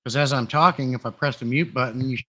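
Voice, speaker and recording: A man's voice: mid-range voice, fast talker. Chatty man on a live stream. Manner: chatty, relaxed, greets viewers by name. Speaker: livestream host. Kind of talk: casual live-stream chat. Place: room full of glass fish tanks. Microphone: desktop USB condenser mic.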